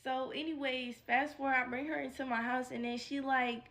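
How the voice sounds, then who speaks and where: A woman vlogger telling a casual storytime, animated and profane, with constant "like" fillers. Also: high voice, fairly quick.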